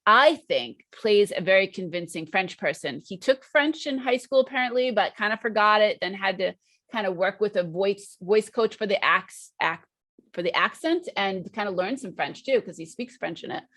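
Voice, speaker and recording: A woman co-hosts a casual English lesson, retelling film scenes one after another. Her voice sits at a middle pitch. She talks in an easy, chatty way. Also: animated, normal speed, a bit bright. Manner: chatty, recounts scenes step by step. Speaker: guest co-host, English teacher.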